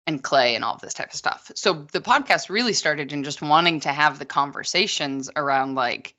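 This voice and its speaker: A woman's voice: low voice, expressive, normal speed, pushed and bright, muffled recording. A woman guesting on a podcast, talking casually and at length, with many asides. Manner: long-winded, chatty, many asides. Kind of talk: casual chat.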